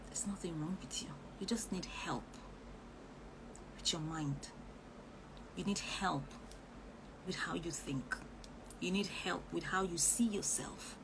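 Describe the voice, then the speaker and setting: A woman's voice: on the low side, slow pace, long pauses. A woman, a relationship coach speaking earnestly and preachily on a live stream, reading out viewers' comments. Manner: earnest, preachy, with animated outbursts. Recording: noisy live-stream audio.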